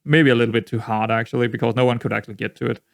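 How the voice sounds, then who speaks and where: A man's voice: mid-range voice, steady tone, racing, creaky, dry recording, clean studio sound. A man giving rambling, exasperated commentary while playing a management game, often repeating himself. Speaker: gaming YouTuber. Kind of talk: let's-play commentary.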